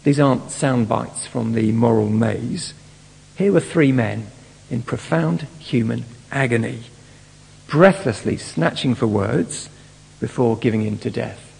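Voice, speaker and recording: A man's voice: medium pitch, measured pace, vocal fry, a little mellow, slightly rough. A man preaching a sermon, working through a Bible passage and putting rhetorical questions to his congregation. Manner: acts out mocking voices in quotes. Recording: long hall reverb.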